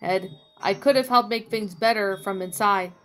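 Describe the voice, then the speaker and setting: A woman's voice: mid-range voice, normal speed, close to an everyday voice. A woman reading a fan story, voicing a bitter, reproachful young man. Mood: resentful. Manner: complaining, reproachful.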